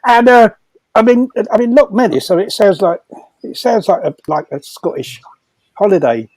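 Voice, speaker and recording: An older man, a storyteller at a comedy fundraiser, rambles casually through prison anecdotes, repeating words and laughing as he goes. His voice sits high with lively intonation and a darkish tone at a moderate pace; the recording is low quality with no room sound.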